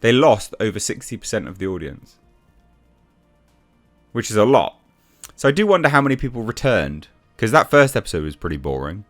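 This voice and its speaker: A man ranting through a TV review in a blunt, exasperated way, tripping over restarts and swearing freely. His voice sits fairly low but swings widely in pitch, with faint music playing underneath. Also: sing-song, fairly quick. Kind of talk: casual review rant.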